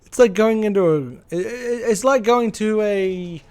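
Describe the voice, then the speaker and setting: A man streaming live, chatting casually with viewers, ranting animatedly with plenty of swearing and quick apologies. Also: sits high, a little mellow, clean tone.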